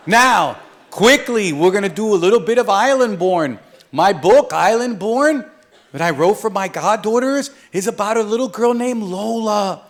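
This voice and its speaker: A man's voice: high-pitched, animated, normal speed, a faint crowd, slight background noise. A man from a Caribbean island, an author reading his picture book aloud at a live event, playful and joking with slang.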